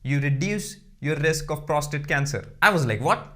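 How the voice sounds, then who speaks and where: A man's voice: fairly high pitch, animated, moderate pace, fairly bright tone. A man doing crude, brash stand-up comedy alone to a camera, with no audience.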